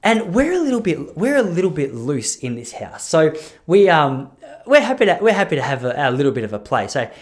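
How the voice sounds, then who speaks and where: In a higher, sing-song voice and at a fairly quick clip, a young man hosts his podcast solo. He rambles through a long casual story, interrupting himself and adding jokey asides.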